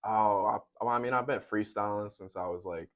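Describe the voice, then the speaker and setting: A young man, a rapper and producer, talking easily in slang and getting animated when he jokes. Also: on the low side, a little fast. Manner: easygoing slangy talk, animated when joking. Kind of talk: casual chat.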